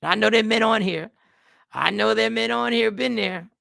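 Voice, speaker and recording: A man's voice: high-pitched, normal speed, creaky, sharp tone, dry recording, studio quality. A man hosting a talk show, giving emphatic casual commentary straight to his viewers.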